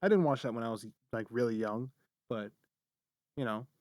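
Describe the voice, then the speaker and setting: A man's voice: mid-range voice, lively intonation, normal speed, darkish tone, no room sound. A young man co-hosting a podcast, chatting casually with a dry, teasing manner. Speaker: podcast co-host. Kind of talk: casual chat.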